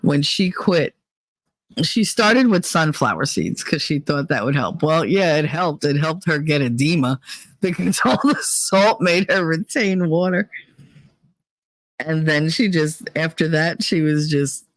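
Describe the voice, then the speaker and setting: A woman hosting a podcast, telling a gossipy story in a casual, profane way, laughing often and jumping up in pitch for punchlines. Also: measured pace, dry recording. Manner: animated, jumps up in pitch for punchlines. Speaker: podcast host.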